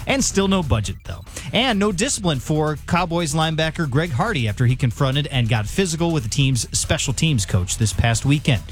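Radio announcer dude reading news, lively higher voice, music bed under. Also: male voice. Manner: brisk announcer delivery. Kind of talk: read news update and promo.

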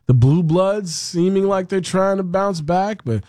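A man with a fairly high voice co-hosts a sports talk show in casual, joking banter. He drifts into quick, rambling asides. The studio sound is dry and close, with no room around it. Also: a little mellow, no room sound. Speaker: sports radio co-host. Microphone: studio microphone.

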